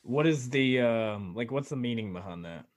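Guy from florida on a podcast, jokey, keeps asking questions, mid pitch. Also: expressive, moderate pace. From Florida, United States. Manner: joking, curious, asks many questions. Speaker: podcast co-host. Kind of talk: casual chat.

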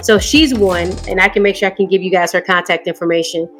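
A woman's voice: lowish voice, steady tone, fast, a bit bright, soft background music. A woman college coach, a guest on a sports podcast, telling stories in an easygoing way. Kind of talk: podcast interview.

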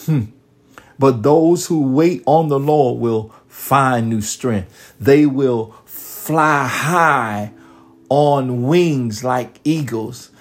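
A male preacher giving a sermon, reading scripture verses slowly and breaking in with exclamations and calls to his listeners. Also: mid-range voice.

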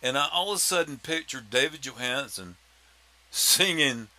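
A man's voice: mid-range voice, expressive, moderate pace, sharp tone. A man hosting a podcast, chatting casually and joking with his co-hosts. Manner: joking, rambling, sign-off style. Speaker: podcast host. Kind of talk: casual chat.

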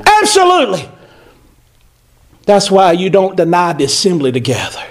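High-voiced animated preacher. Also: male voice, moderate pace. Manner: animated, emphatic preaching with repetition. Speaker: pastor. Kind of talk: sermon.

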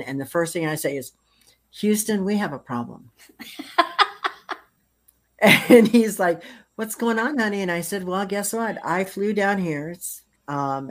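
An older woman hosting a casual interview, telling a story and laughing at her own jokes. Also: deep voice. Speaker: host.

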